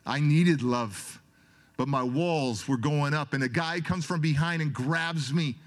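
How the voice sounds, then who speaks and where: High-voiced emotional motivational speaker. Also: male voice, unhurried. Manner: storytelling, dramatic, swings from loud to soft.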